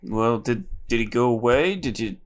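A man playing a tabletop game, chatting casually and firing off quick questions. His voice sits at an ordinary middle pitch. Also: animated. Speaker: player.

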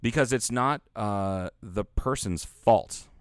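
A man's voice: lowish voice, takes it slowly, clean tone, no echo, studio quality. A man co-hosting a podcast, telling a long rambling story in casual chat, swearing freely and acting out the lines. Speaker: podcast co-host.

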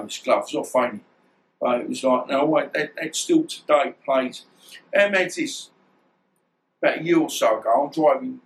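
A man's voice: mid-range voice, poor audio. A middle-aged man, a former boxer, telling stories in a casual interview and often restarting his sentences. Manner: rambling, restarts often, swears.

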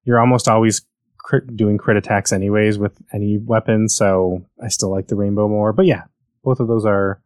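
A man's voice: lowish voice, fairly even intonation, moderate pace, darkish tone, dry recording. Rambling, enthusiastic American man, dry sound. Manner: rambling, self-correcting, enthusiastic. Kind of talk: casual chat about video games.

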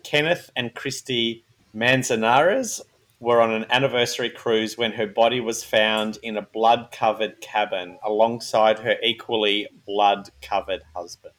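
A man's voice: on the low side, fairly even intonation, unhurried, fairly bright tone. A man hosting a casual true-crime chat, joking and laughing between case notes. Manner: jokey, laughs often, reads case notes. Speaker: podcast host.

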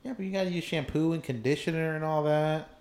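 A man's voice: on the high side, fast, reverberant, crowd noise. A man co-hosting a podcast in easygoing chat. He talks loosely, leans on slang and laughs often. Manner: laid-back, laughing, slangy. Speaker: podcast co-host. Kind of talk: casual chat.

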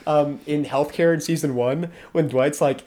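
A man co-hosting a podcast, excitedly retelling favorite sitcom scenes and laughing often. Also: on the high side, moderate pace. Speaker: podcast co-host. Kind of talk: casual chat.

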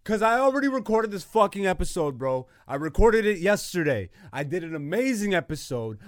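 Male podcast host, fairly high voice, dry close sound, exasperated profane rant, loud bursts. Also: dry recording. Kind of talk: ranting casual monologue.

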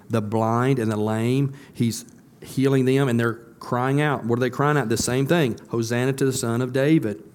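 Man preaching a sermon. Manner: asks the congregation questions and answers them; builds to a louder, higher emphatic close. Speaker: pastor.

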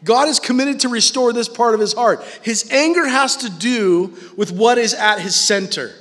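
A man preaching a sermon as pastor, animated and casual, acting out the voices he quotes. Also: very high voice, normal speed. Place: church hall with live audience. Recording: long hall reverb.

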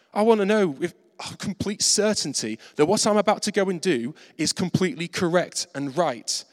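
A man preaches a sermon in a fairly high voice with a very lively pitch, and his words ring through a reverberant hall. He is animated and pokes fun at himself, slipping into quoted voices as he tells his stories. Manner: animated, acts out quoted voices, self-mocking.

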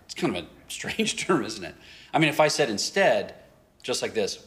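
A man's voice: mid-range voice, normal speed. A man pastor telling a story in a sermon, acting out both sides of a conversation and often laughing as he talks. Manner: animated storyteller, acts out dialogue, laughs often.

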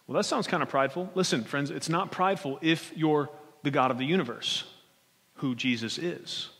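A man's voice: on the high side, moderate pace, gravelly, fairly bright tone, breathy edge. A male pastor preaching a sermon in a conversational way, often checking in with his congregation. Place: church sanctuary. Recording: long church hall reverb.

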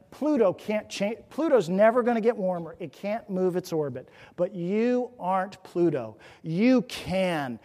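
Earnest male pastor, high voice, echoing church. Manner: dramatic swings from loud emphasis to hushed near-whispers; earnest, exhorting, rhetorical questions. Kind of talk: sermon. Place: church sanctuary. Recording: reverberant church hall.

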